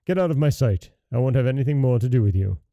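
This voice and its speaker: A man's voice: mid-range voice, animated, fast, dry recording, phone-quality sound, lightly acted. A man voicing a weary, exasperated father who scolds his son in a storybook reading. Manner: scolding, sighing.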